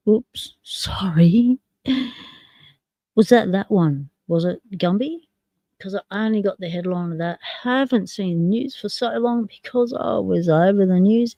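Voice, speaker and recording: An Australian woman chats away on a livestream, rambling from one joke to the next. Her voice is mellow and dark, sitting at a middle pitch. The sound is close and dry. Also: no echo. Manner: chatty, rambling, jokey. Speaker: livestream host. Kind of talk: casual chat.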